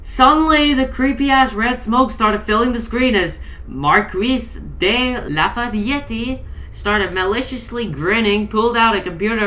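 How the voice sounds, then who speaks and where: Bright, exasperated woman reading a story. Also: mid-range voice. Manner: exasperated, heavy swearing. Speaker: creepypasta reader. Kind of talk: comedic horror story narration.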